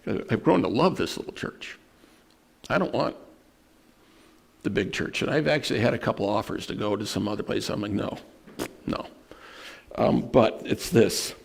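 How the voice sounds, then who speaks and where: A man preaching a sermon as pastor, telling personal stories in an earnest way and slowing down to stress scripture. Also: fairly low pitch, gravelly, breathy edge. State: emotional at moments.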